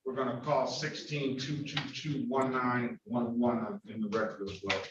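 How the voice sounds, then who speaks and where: A man working as a judge running court hearings, procedural and halting, with frequent fillers. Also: medium pitch, little pitch movement. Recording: distant, roomy, dull audio with loud noise.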